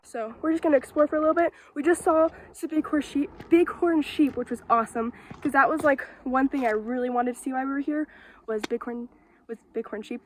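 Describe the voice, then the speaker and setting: A woman with a high, bright-pitched voice talks to her handheld camera on an outdoor trail. Her talk is casual and chatty, full of restarts. A faint hiss of wind sits behind her. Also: rough recording. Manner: chatty, rambling, with frequent restarts and laughs. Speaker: family vlogger. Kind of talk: casual outdoor vlog narration. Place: outdoors on a windy hiking trail.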